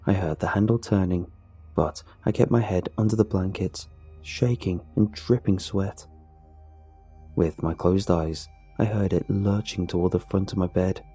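A man tells a first-person horror story in a deep, dark, mellow voice. His tone is slightly husky, and his delivery is measured and somber. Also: steady tone, soft background music. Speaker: narrator. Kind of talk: scripted horror narration.

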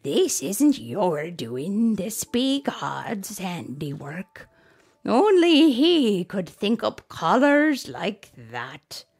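A woman playing a slow, wise old Amish elder. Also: medium pitch, very animated, husky, exaggerated voice. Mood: reassuring. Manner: slow, gentle, old-fashioned speech.

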